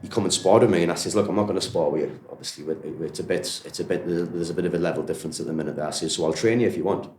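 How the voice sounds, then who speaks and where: A Geordie man with a very low voice talks quickly as a martial arts coach, rambling through stories in a friendly, casual way. His voice carries an echo from the room around him. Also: darkish tone, a little hiss or hum. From Newcastle, England. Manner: rambling, friendly, lots of "you know" and "like". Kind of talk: casual storytelling interview.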